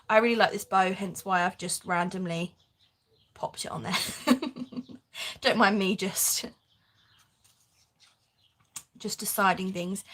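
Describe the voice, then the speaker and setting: Chatty and quick to laugh, this woman reads out viewer comments as she crafts live, keeping the talk casual. Her voice is a little high and a bit bright.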